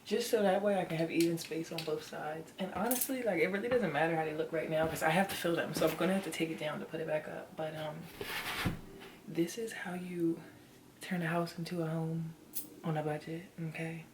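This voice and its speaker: A young woman in her twenties chats expressively to her viewers from her bedroom, her voice pitched a little low. She sometimes slips into a hush. A clear hiss of background noise runs under the home recording. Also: brisk. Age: 20s. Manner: expressive, talks to viewers as y'all, drops into whispers. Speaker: lifestyle vlogger. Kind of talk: casual chatty vlog talk to the camera.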